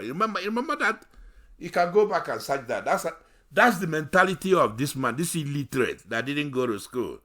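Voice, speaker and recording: A man's voice: mid-range voice, lively intonation, fast talker, a bit bright. Heated man ranting on politics. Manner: heated, scornful, repeats himself for emphasis. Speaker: commentary show host. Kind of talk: political commentary monologue.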